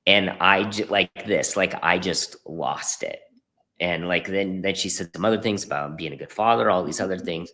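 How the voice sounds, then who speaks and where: A man in his thirties with a notably deep, low-pitched voice shares a personal story as a guest on a podcast. He talks earnestly and with emotion, stumbling over fillers and restarting his sentences. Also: moderate pace, gravelly, bright, forceful tone. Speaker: podcast guest, performance coach. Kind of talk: heartfelt conversational storytelling.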